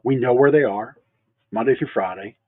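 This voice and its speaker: A man with a husky, slightly breathy voice talks shop in an easygoing, joking way, dropping sarcastic asides as he goes. The sound is dry and squeezed into a narrow, phone-like band. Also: medium pitch, normal speed, no room sound. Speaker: mattress store owner co-hosting a local show. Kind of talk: casual business chat.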